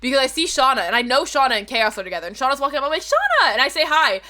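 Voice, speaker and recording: Bright, rambling woman streamer. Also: high voice, animated, racing. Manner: rambling storyteller, swears freely, self-corrects. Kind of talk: casual chat to stream viewers.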